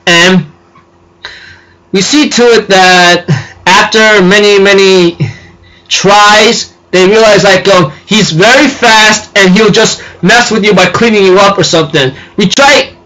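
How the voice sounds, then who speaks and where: A man's voice: high voice, slow, pushed and bright, low-quality recording. A man casually recapping an anime episode, rambling with lots of fillers and giggling as he talks. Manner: rambling, full of "you know" and "and so forth"; giggly, laughs while talking. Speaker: anime reviewer.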